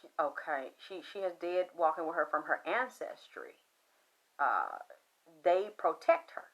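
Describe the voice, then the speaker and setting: A woman telling a story in a loud, profane, excitable monologue, acting out the voices she quotes. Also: fairly low pitch, unhurried. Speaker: spiritual commentator.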